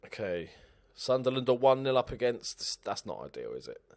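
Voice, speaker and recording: A man giving casual, excitable commentary over a game, talking to himself and swearing. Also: medium pitch, normal speed.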